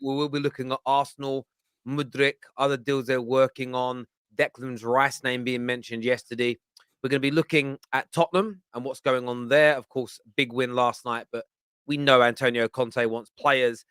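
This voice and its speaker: Bright-voiced male podcast host. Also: medium pitch, steady tone, normal speed, clean tone, no room sound. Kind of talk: casual podcast hosting.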